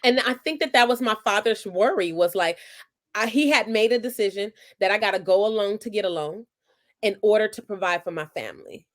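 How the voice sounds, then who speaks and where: A woman's voice: medium pitch, fairly quick. A woman in her forties, a guest author in an interview, with a mid-range voice. She tells personal stories in an earnest, reflective way and often restarts her sentences. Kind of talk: conversational interview.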